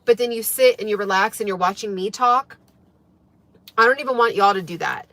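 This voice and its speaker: A woman's voice: medium pitch, a little fast, fairly bright tone, no room sound. A woman hosting a casual livestream for her wellness channel, talking earnestly to viewers with lots of fillers and emphasis. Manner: earnest, emphatic, filler-heavy, often asks "right?".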